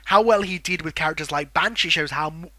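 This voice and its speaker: A man talks through a film review in a bright, somewhat high, forceful voice. His delivery is casual and enthusiastic, opinionated and a little rambling. The sound is dry and close, with no room echo. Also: brisk.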